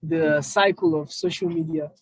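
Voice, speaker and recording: A young Nigerian man telling his own story as an interview guest, halting with many fillers and restarts. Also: a little high, fairly even intonation, breathy edge, dry recording, poor audio. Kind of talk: casual interview chat.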